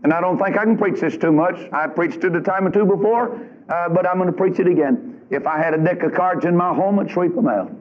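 A man's voice: high-pitched, brisk. A man preaching a revival sermon in a church, fiery, folksy and emphatic. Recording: lo-fi old tape recording.

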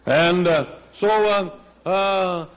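A man's voice: high-pitched, very slow, clean tone, long reverb tail. A man preaching a sermon, telling stories and acting out voices, with many restarts. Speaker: pastor. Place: church sanctuary.

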